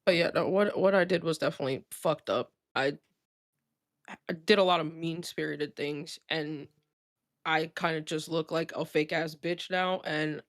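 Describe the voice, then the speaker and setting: A woman on a livestream, speaking in a hesitant, halting, apologetic way. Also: low voice, dry recording, clean studio sound. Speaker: livestream co-host. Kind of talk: casual livestream talk.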